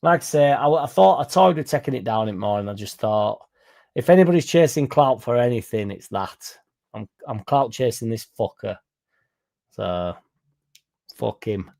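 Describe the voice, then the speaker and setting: A man's voice: medium pitch, animated, normal speed, vocal fry, darkish tone. A young man telling a rambling, sweary story to his livestream viewers in a blunt, casual way. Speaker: football fan streamer.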